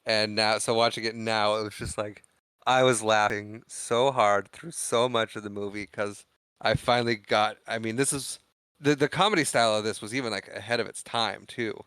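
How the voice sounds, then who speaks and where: A man's voice: fairly low pitch, fairly even intonation, fairly bright tone, clear, resonant tone, dry recording. A man co-hosting a podcast, recapping a film scene by scene in a rambling, casual way and acting out lines of dialogue. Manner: rambling recap with quick acted-out quotes. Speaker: podcast co-host. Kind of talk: casual movie discussion.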